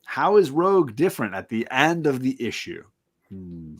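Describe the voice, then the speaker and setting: A man's voice: mid-range voice, big pitch swings, moderate pace. A man hosting a comic book live stream in casual chat, jokey and teasing, laughing often.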